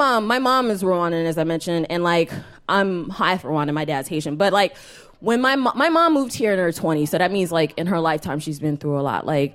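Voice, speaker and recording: Lively young woman doing stand-up. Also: on the low side. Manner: animated, laughing often, self-mocking asides. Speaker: stand-up comedian. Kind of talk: live stand-up set.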